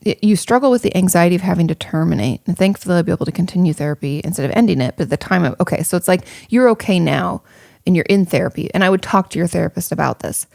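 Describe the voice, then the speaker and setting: Woman, therapist, podcast host, low gravelly voice, dry close sound, chatty and frank. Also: lively intonation, very fast, darkish tone, no echo. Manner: chatty, frank, reassuring, with many fillers. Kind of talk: casual advice podcast.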